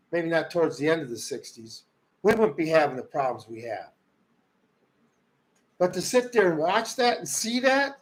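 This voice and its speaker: Heated high-voiced man ranting live. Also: poor audio. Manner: heated, swings from loud outbursts to muttering. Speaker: livestream host. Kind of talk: ranting political commentary. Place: rural home.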